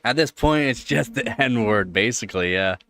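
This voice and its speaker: Canadian man, live-stream host, casual rambling chat, repeats himself, mid pitch, dry close sound. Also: lively intonation, normal speed, pushed and bright, dry recording. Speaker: livestream host.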